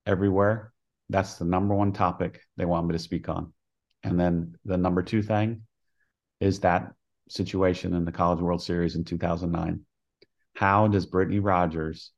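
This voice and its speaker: An older man, a college softball coach, telling stories in an interview with an earnest manner, acting out the voices of people he quotes. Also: sits low, muffled recording. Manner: earnest storyteller who acts out quoted dialogue. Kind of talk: storytelling interview.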